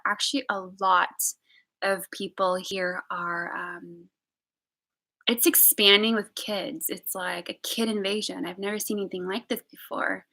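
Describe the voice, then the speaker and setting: A woman in her late twenties tells stories in a relaxed, rambling vlog style, with lots of "like" and "um" along the way. Her voice is bright and clear, and it sits at an ordinary middle pitch. When she quotes her friends she jumps into a higher, excited voice. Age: late 20s. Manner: chatty, rambling storytelling with lots of fillers; acts out friends' lines in a high excited voice. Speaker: vlogger. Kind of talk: casual chat.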